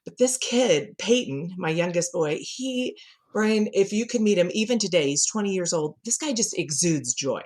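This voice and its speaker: A middle-aged woman, a communication coach, chatting as a podcast guest and telling animated stories with frequent laughter. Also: fairly low pitch, moderate pace. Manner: lively storyteller who laughs often and acts out quotes. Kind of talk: conversational podcast interview.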